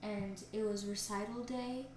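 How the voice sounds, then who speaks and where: A woman's voice: medium pitch, measured pace. Rambling young woman podcast co-host. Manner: rambling, animated storyteller. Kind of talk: casual chat. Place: indoors, TV on nearby. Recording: echoey room with faint noise.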